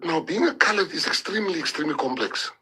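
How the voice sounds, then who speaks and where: Husky, emotional man. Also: a little high, expressive, pushed and bright, rough recording. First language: Afrikaans. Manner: emotional, halting, repeats words. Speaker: politician. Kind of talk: impassioned public address.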